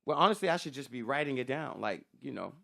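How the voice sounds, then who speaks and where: A man's voice: medium pitch, lively intonation, fast, vocal fry, bright, forceful tone. A man, a stand-up comedian, talking in a loose, swearing podcast chat and acting out other comics' voices. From Sacramento area, California.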